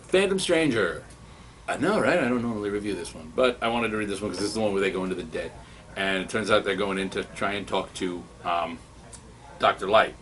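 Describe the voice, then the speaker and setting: Excitable low-voiced male comic reviewer. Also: brisk. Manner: excitable and rambling, with many restarts. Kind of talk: casual spoken review.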